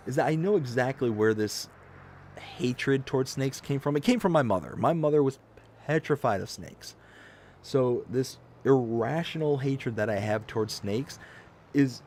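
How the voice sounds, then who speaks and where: A man in his thirties telling stories on a casual live game stream, animated and self-mocking. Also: mid-range voice, a little hiss or hum.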